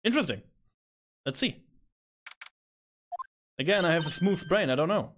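A male streamer giving excitable let's-play commentary and scolding his chat in mock sternness. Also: fairly high pitch, normal speed, a little hiss or hum. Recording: game music behind.

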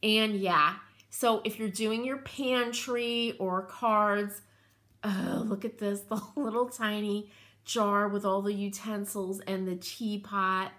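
Lady craft host, unhurried casual chat, super gushy and rambly. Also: mid-range voice, steady tone, a bit bright. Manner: gushing, enthusiastic; rambling, with frequent asides. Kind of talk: casual show-and-tell chat.

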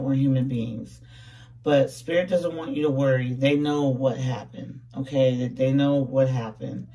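Hoarse, playful tarot reader, slightly distant. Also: mid-range voice, warm tone. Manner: playful, slangy, repeats words and "okay?" often; jokes about putting on a fake accent. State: voice going hoarse. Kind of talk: casual tarot reading to camera.

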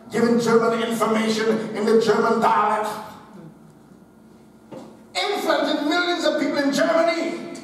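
Man, preacher, sermon, emphatic repetition, long hall reverb, faint hiss. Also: very high voice. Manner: emphatic, repeating phrases for stress. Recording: echoey hall, distant mic, faint hiss.

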